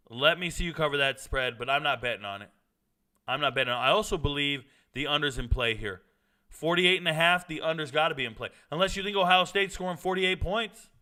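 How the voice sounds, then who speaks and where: A man hosting a live-streamed sports talk show, animated and repeating his points for emphasis. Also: a little high, clean tone.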